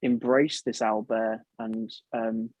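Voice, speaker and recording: A man narrating a tabletop game as dungeon master, unhurried and halting, with many fillers. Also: fairly low pitch, level tone, darkish tone, no room sound, poor audio.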